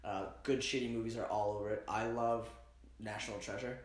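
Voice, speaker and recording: A man with a lowish, steady voice speaks fairly quickly while co-hosting a casual podcast, slipping in dry puns and jokes. The casual chat was recorded with a roomy echo.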